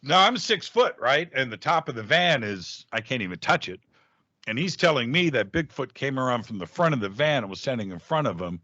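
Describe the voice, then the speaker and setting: A middle-aged man, a radio host guesting on a podcast, telling a personal story in a lively, casual way with frequent restarts and sudden jumps in pitch. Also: a little fast, no room sound. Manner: animated storyteller, jumps up in pitch when acting out quoted speech, frequent restarts. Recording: dull, dry lo-fi audio.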